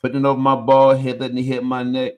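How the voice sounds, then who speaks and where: A man's voice: medium pitch, fast. A man, a coach and host giving an emphatic, casual motivational talk. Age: 50s. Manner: energetic, emphatic, punchy interjections.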